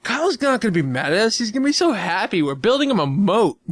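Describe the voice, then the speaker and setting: A man's voice: high-pitched, very animated, fast talker, no echo. A young man co-hosting a casual gaming podcast, telling stories playfully and teasing the others. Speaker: podcast co-host.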